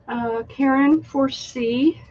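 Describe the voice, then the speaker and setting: A woman hosting a live online craft sale, chatty and unhurried, showing handmade items and reading out winning bidders. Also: sits high, a little mellow, dull audio. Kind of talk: live online sales stream.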